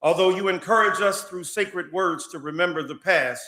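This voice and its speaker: A man's voice: sits high, moderate pace, pushed and bright. A man serving as guest chaplain, delivering an oratorical prayer to a legislative chamber in a rhythmic preacher's cadence with building repetitions. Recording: echoey chamber through PA.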